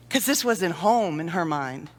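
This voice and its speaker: A middle-aged woman speaking to a conference audience, telling lively stories and acting out sighs and little scenes. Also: on the low side. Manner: animated storyteller, acts out sighs and little scenes. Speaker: conference speaker on dementia care. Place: conference hall. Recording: long reverb of a hall.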